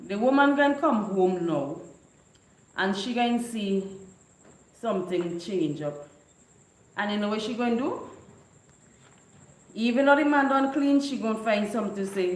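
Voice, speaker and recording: A woman, chatting casually and telling lively stories with frequent laughter. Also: mid-range voice, measured pace, pauses often, slight background noise. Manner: lively, laughing often, animated storytelling. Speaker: vlogger. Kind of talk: casual storytelling chat. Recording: echoey room.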